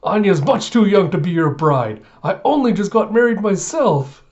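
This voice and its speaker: A man's voice: sits high, expressive, moderate pace, darkish tone, voice pushed up. A man doing a furious protective young woman. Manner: indignant, scolding. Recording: slightly muffled lo-fi audio.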